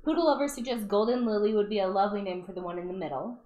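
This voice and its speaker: A woman's voice: medium pitch, very fast, dark tone. A woman with a Californian accent who reads viewer comments aloud on a livestream, chatting casually and laughing often. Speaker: co-host reading viewer comments.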